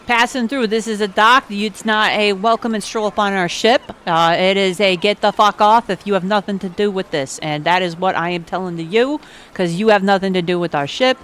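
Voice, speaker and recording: A woman voicing a rude, gruff pirate dock guard with a Brooklyn accent. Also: mid-range voice, a little fast, a bit bright, slight background noise, voice pushed up, natural voice. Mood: hostile. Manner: gruff, swearing.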